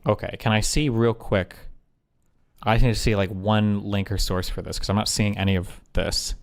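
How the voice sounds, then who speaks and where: A man's voice: lowish voice, fairly even intonation, moderate pace, creaky. A man in an online political debate, skeptical, pressing for sources and reading articles aloud.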